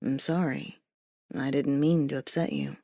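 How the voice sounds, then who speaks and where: A woman voicing a calm, stern male character who speaks in a measured, quietly pointed way. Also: a bass voice, dry recording, studio quality, voice pushed down, exaggerated voice. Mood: cool. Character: calm, stern male rule-follower with a cool bite.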